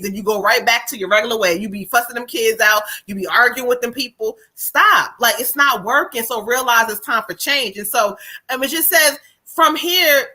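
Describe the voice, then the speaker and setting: A woman's voice: on the high side, bright, forceful tone. A woman from New Jersey giving a psychic reading on a live stream, blunt and profane. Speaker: psychic medium.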